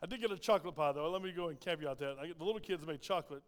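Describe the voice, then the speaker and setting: A man's voice: fairly high pitch, racing. A male pastor, preaching a conversational sermon with folksy asides in a church. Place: church sanctuary. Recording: long hall reverb.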